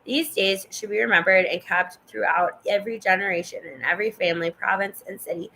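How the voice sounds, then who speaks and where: Woman reading scripture with a gravelly edge. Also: mid-range voice, brisk, bright, forceful tone, slight background noise, rough recording. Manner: stumbles over names, chatty asides to the viewer. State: coughing and yawning. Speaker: Bible reader. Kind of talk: casual scripture reading aloud.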